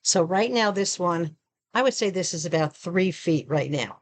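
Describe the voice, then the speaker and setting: A woman's voice: lowish voice, expressive, normal speed. A woman chatting casually through a product unboxing, showing each item as she talks. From Arizona. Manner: chatty, shows items while talking. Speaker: product review vlogger.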